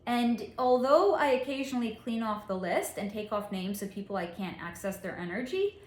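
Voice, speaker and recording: A woman psychic reader telling a story in a monologue, with deliberate dramatic pauses and frequent laughs. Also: a little high, lively intonation. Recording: echoey room.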